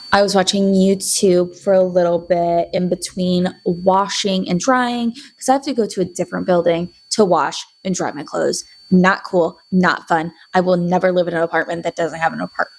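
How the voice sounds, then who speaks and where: A chatty young woman talking to her camera in a casual diary vlog, with a soft, breathy tone. She rambles from one story to the next and slips into little voices for the people she quotes. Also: fairly low pitch, fairly even intonation, moderate pace, low-quality recording. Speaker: video diarist.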